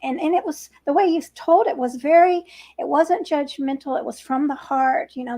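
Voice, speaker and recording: A woman hosting an interview, talking in an affirming, encouraging way with gentle laughs. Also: high voice, brisk. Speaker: podcast host. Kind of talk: conversational interview.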